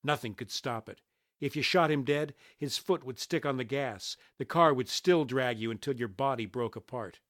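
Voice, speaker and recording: A man's voice: medium pitch, normal speed, a bit bright, no room sound, clean studio sound. A man reading a first-person crime novel aloud, with a terse, hard-boiled delivery. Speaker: audiobook reader.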